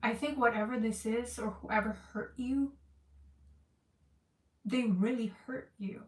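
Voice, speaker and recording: A woman's voice: fairly high pitch, a little slow, pauses often, recorded from a distance. A woman giving a casual tarot reading, talking emotionally and repeating herself as she searches for words. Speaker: tarot reader. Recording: echoey room, voice off-mic.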